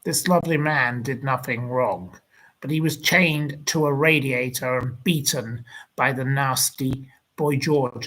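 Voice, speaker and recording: Slow, husky-voiced indignant man ranting. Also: mid-range voice, a bit bright, low-quality recording. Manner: indignant, rambling, repeats insults. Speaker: channel host answering viewer comments. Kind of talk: ranting livestream talk.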